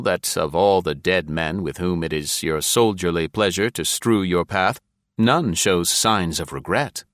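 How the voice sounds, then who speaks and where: A man reading the part of a captured male spy who reasons calmly about death and then begs desperately for his life. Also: low voice, no room sound, studio quality. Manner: measured and reasoning, breaking into frantic pleading. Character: calm captured male spy facing execution, coolly philosophical. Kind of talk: audiobook character reading.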